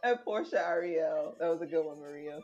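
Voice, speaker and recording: A woman's voice: low voice, lively intonation, brisk, darkish tone, lo-fi sound, soft background music. A woman co-hosting a casual podcast chat in a playful, teasing, sarcastic way. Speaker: podcast co-host.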